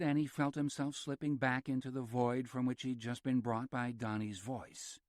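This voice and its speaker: Measured male audiobook narrator. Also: medium pitch, no room sound, studio quality. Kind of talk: scripted narration.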